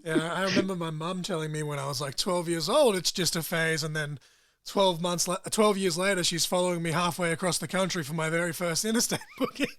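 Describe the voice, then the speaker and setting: A man's voice: on the high side, a little fast, a bit bright, dry recording, studio quality. A man hosting a podcast, asking questions and chatting in a laid-back way with casual swearing. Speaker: podcast host. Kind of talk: casual interview chat.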